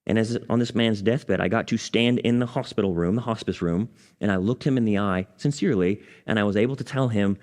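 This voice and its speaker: A man pastor, teaching a Bible study and telling a personal story, dropping low and soft at solemn moments. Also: fairly quick. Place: church.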